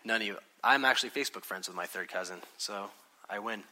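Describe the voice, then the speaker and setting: A man's voice: fairly low pitch, quick pace, bright, forceful tone, slight background noise. A man in his thirties preaching a sermon to a congregation, telling stories in a conversational way and acting out quotes. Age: 30s. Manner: conversational, storytelling with acted-out quotes. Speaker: pastor. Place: church hall with congregation.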